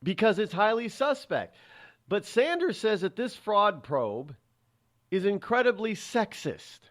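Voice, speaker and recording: A man's voice: high-pitched, very animated, unhurried, fairly bright tone. A man hosting a talk radio show, delivering a sarcastic, rambling opinion monologue with frequent restarts and repeated words.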